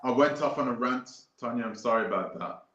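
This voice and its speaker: A man's voice: medium pitch, brisk, roomy sound, dull audio, a crowd in the background. A man hosting a live stream, talking casually and emphatically, repeating his points as he goes off on tangents. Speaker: host.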